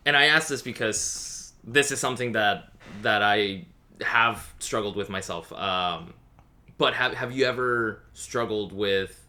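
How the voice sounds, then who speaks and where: A man's voice: fairly low pitch, sharp tone. A man hosting a casual podcast interview, asking his questions in a careful, tentative way. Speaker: podcast host.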